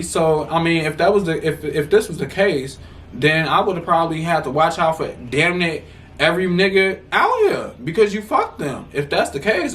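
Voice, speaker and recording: A young man in his twenties with a somewhat high voice talks straight to camera in a storytime vlog, blunt and heavily profane. He sounds a bit off from the mic, and a faint hiss of room noise sits under his voice. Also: fairly bright tone, far from the mic. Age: 20s. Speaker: vlogger. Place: room at home.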